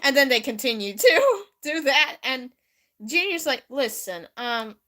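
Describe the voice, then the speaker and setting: A woman's voice: sits high, big pitch swings, a little slow, pushed and bright. A young woman telling a rambling, giggly made-up story on a livestream. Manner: giggly, rambling, breaks into voices and song.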